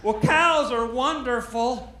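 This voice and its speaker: A man's voice: very high voice, expressive, slow pace, echoey room, background noise, full character voice. A man voicing a preachy vegetarian who scolds someone for eating steak, in a stand-up routine.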